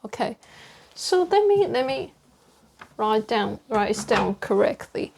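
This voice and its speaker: A woman who is not a native English speaker, speaking slowly and carefully on camera in a room with a whiteboard, stressing the ends of words as she practices pronunciation. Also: fairly high pitch, big pitch swings, vocal fry, a little mellow, husky. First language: non-native English speaker. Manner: speaks slowly and deliberately, over-articulating word endings. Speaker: pronunciation learner sharing lessons. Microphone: camera close to the face.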